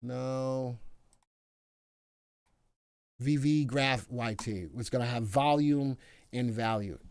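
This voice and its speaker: A talkative man runs a casual stock market livestream, answering viewers and reading out tickers in a playful, bantering way. His voice sits at an ordinary middle pitch and is recorded close and dry, with no room sound around it. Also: a little slow, darkish tone, dry recording.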